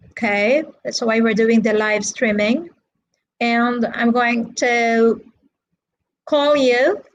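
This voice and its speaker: Over a low-quality recording, a woman with a fairly high pitch teaches English in a live online class. Her pace is slow and patient, and she keeps checking on her students with repeated okay and right.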